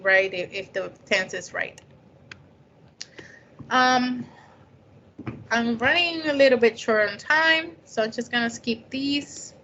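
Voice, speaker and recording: A woman's voice: a little high, sharp tone. A woman whose first language is not English gives a conversational lecture on scientific writing, often checking in with "right?". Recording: dull lo-fi recording.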